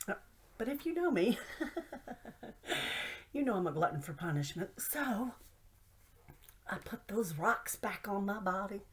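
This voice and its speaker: A woman's voice: mid-range voice, sing-song, slow pace, pauses often. A middle-aged woman telling humorous stories in a playful, self-mocking way, often dropping to a whisper for asides. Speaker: host. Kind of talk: humorous storytelling monologue.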